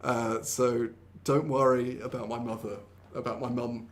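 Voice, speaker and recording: A young man hosting a live online English lesson, playful, laughing often, switching into quick Korean explanations. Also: medium pitch, little pitch movement. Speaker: English teacher and host.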